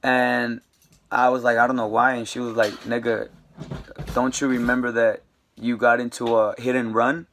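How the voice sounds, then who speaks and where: A man's voice: medium pitch, little pitch movement, moderate pace, a bit bright, a little hiss or hum. A young man casually telling a rambling, slangy story to camera, with lots of fillers. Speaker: vlogger.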